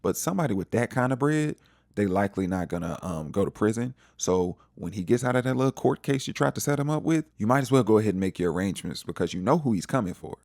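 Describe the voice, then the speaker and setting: A man's voice: fairly low pitch, creaky, no echo, clean studio sound. A man giving a casual recap of a TV episode in a jokey, slangy storytelling way, slipping into the characters' lines as he retells the scenes. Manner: animated, acts out characters' lines in quick asides. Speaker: TV show reviewer.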